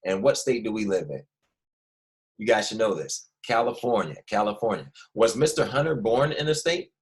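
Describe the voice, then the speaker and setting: A man's voice: fairly low pitch, expressive, moderate pace. A young man teaches first graders with a slight Philadelphia accent. He speaks patiently and repeats the key words so small children can follow along. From Philadelphia family. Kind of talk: online classroom lesson.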